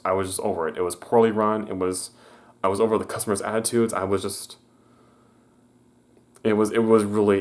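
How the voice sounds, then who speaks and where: Rambling young man telling a story. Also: low voice. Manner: rambling, with many restarts and stammers; acts out quoted people in a raised voice. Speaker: vlogger. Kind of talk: casual storytelling.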